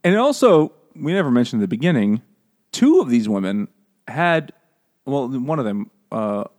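A man's voice: medium pitch, sing-song, moderate pace, a little mellow. Laughing, rambling man chatting about a book. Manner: rambling, laughing, profane, slips into mocking voices. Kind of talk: casual book discussion.

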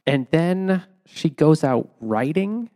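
A man co-hosting a casual book discussion podcast, retelling the plot and acting out lines in quick quoted voices. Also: a little high, expressive, dark tone. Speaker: podcast co-host. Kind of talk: casual book-club chat.

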